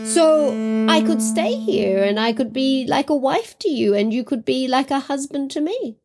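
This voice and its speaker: A woman storyteller voicing a gentle young woman who is secretly a bee, pleading and soft. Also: high voice, animated, normal speed, faint music behind, voice pushed up. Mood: tender.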